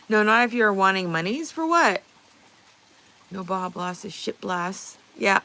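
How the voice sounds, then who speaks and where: Slow, lively-voiced woman livestreamer. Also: medium pitch, poor audio. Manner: playful, laughs often, muses aloud. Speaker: livestreamer reading chat. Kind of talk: casual livestream chat.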